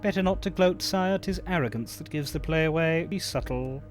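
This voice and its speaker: A man's voice: a little high, moderate pace, faint music behind, close to an everyday voice. A man voicing a theatrical male inner voice in a game, speaking in a grandiose, archaic stage manner. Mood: sly advising.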